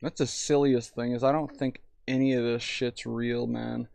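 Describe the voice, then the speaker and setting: Gravelly young man rambling on stream. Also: mid-range voice, level tone, normal speed, darkish tone, no echo. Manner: profane, rambling, reads chat aloud. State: tipsy. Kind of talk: rambling live-stream chat.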